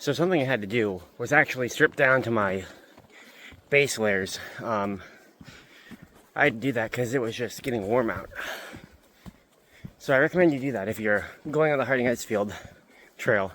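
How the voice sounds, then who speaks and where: A young man vlogging as he hikes up a mountain trail. He is out of breath and chatty, and he repeats himself when something excites him. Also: mid-range voice, normal speed, pauses often, slight background noise. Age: young adult. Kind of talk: casual hiking vlog.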